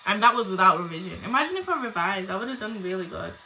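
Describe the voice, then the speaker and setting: A woman's voice: medium pitch, sing-song, quick pace, sharp tone, slight background noise, low-quality recording. A young woman telling casual storytime tales to her viewers, blunt and full of swearing and chatty asides. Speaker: vlogger.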